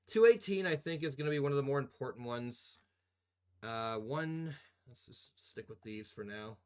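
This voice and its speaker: Speaking in a clear, resonant, mid-range voice, a young man live-streams his video editing. Expressive and moderately paced, he rambles casually to his viewers with profanity, jokes, and frequent laughs.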